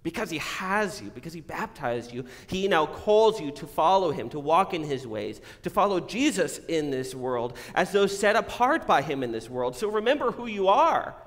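A man preaching a sermon as pastor, earnest, swinging between emphatic declarations and quiet reflective asides. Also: fairly high pitch, animated, moderate pace, hardly any pauses. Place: church sanctuary. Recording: long reverb of a church hall.

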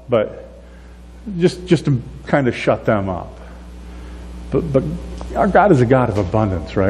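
A man preaching a sermon as a pastor, talking in a relaxed, conversational way and acting out the prayers he quotes. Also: medium pitch. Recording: echoey hall with faint hum.

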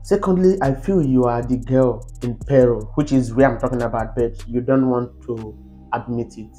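A Nigerian man tells a storytime to his viewers with lots of animated, exasperated outbursts. His tone is mellow and fairly dark. Soft background music plays faintly under his voice. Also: moderate pace. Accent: Nigerian English. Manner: animated and exasperated, pitch jumping up on exclamations. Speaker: vlogger. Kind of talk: storytime monologue to camera.

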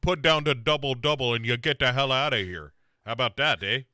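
A fed-up Canadian man snapping with curt, mock-polite outrage, as a man puts him on. The voice is bright and lively. The recording is dry and close. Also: mid-range voice, a little fast, dry recording. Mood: exasperated.

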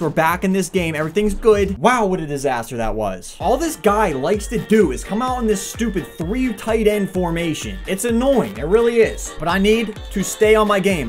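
A young man giving live gameplay commentary, swinging between loud excited outbursts and frustrated muttering. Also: high voice. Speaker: gaming channel host.

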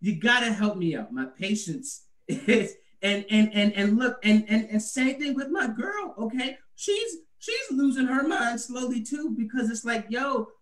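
Brief: male stand-up comic, light high voice, chatty and animated, recorded away from the mic. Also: a little slow, hardly any pauses, far from the mic. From US Northeast. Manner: conversational, animated, laughs at own jokes. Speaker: stand-up comedian. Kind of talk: stand-up comedy set about parenting. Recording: echoey room, away from the mic.

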